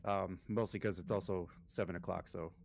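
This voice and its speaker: A man running a tabletop role-playing game as game master, talking in a loose, relaxed way with many pauses and fillers. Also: low-pitched, creaky, a little hiss or hum. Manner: relaxed, lots of ums and filler.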